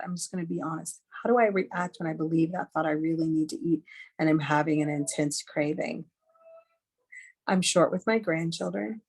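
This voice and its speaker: A middle-aged woman giving a candid, chatty teaching talk on a video call, earnest and full of fillers. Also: on the low side. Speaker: webinar speaker.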